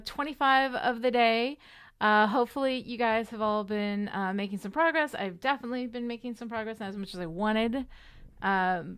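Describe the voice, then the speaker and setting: Tired woman livestreaming, chatty and upbeat, smooth clear voice, lots of ums. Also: a little high, a bit bright. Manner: chatty, upbeat, many fillers. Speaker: livestream host of a writing sprint. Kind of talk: casual chat to a live audience.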